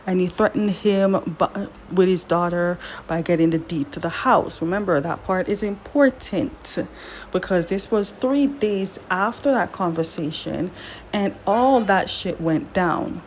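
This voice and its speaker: Animated woman recapping a drama series. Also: medium pitch, a little hiss or hum, rough recording. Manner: animated, indignant rhetorical questions; chatty, with frequent self-corrections. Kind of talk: casual recap commentary.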